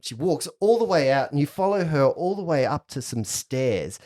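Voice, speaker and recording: A woman's voice: sits low, big pitch swings, normal speed, a little mellow. A woman running a tabletop game as game master, narrating scenes in a playful way.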